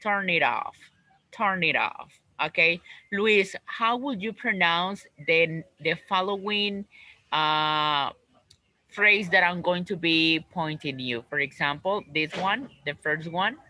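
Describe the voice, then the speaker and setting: A man teaching an English class over a video call, slowly repeating words and phrases for his students. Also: high-pitched, pushed and bright, dry recording, rough recording.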